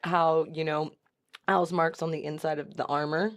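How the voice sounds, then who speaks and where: A woman's voice: low voice, flat delivery, normal speed. A woman co-hosting an anime reaction video, chatting casually and exclaiming at what she watches. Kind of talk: casual chat.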